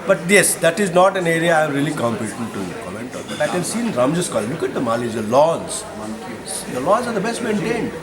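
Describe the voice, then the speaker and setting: A man's voice: a little high, very animated, brisk. A man, a college teacher reminiscing thoughtfully in a documentary interview. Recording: loud crowd noise behind. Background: loud crowd chatter.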